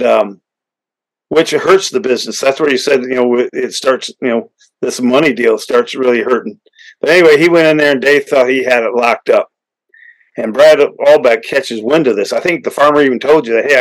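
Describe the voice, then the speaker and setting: A man's voice: mid-range voice, low-quality recording. Rambling American male podcast host. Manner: rambling, many restarts and fillers, builds to excited punchlines. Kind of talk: casual storytelling interview.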